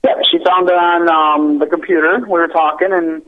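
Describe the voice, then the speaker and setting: A man who writes children's books, talking earnestly as a radio guest with many halting restarts. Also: on the high side, level tone. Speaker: children's book author, guest. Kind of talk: casual interview chat. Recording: tinny phone line.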